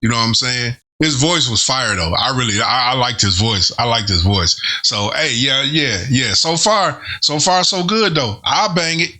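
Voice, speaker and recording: A man hosting a casual album reaction, talking excitedly in loose slang and breaking down the lyrics as he listens. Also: mid-range voice, moderate pace, hardly any pauses, slight background noise. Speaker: host reviewing an album.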